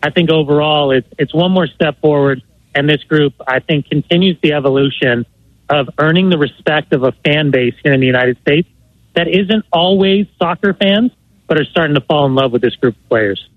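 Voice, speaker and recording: Soccer analyst guy on a tinny phone-like line, a bit higher voice, talks smooth and articulate. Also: normal speed, dry recording. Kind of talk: sports analysis.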